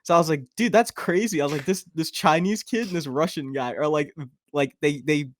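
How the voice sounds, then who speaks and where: A young man co-hosting a podcast, telling a rambling, animated story full of fillers in casual chat. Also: a little high, a little fast. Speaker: podcast co-host.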